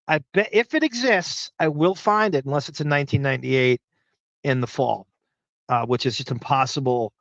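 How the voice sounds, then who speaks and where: A man's voice: medium pitch, normal speed, creaky, a bit bright, dry recording, dull audio. A man with a Long Island accent hosting a podcast, reading listener comments and thinking aloud in a rambling, profane way. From Long Island, New York. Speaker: podcast host. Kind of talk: casual live chat reading listener comments.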